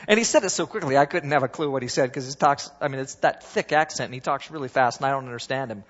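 A middle-aged man preaching a sermon as pastor, with a husky voice and an emphatic style that swings between loud rises and soft drops. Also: a little high, animated, fast talker, few pauses. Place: church sanctuary. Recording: dull sound with long church reverb.

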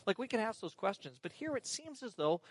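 A man preaching an earnest, animated sermon as pastor, reading scripture and exclaiming over it. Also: high voice, brisk, no echo.

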